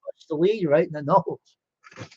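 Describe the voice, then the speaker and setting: A man's voice: fairly high pitch, measured pace, a little mellow, slightly rough, no echo, dull audio. An older man hosting a livestream, telling rambling stories in casual chat and acting out the dialogue. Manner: rambling, laughing, acts out quoted dialogue. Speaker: livestream host.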